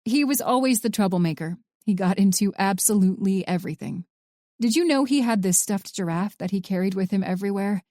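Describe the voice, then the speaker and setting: Guilt-ridden young fbi woman, soft and hesitant, mellow dark voice, read by an audiobook narrator. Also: medium pitch, brisk, no room sound, studio quality, natural voice. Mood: fond.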